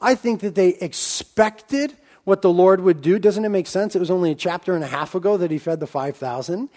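A man delivers a sermon in a high voice. He keeps it conversational and acts out the lines of the people in the story. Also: brisk, darkish tone. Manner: conversational preaching with acted-out quotes. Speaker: preacher.

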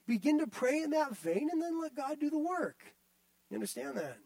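A man's voice: very high-pitched, sing-song, normal speed, vocal fry, a little mellow, dry recording. A male pastor delivering a sermon, emphatic and repetitive, often turning to the listeners directly.

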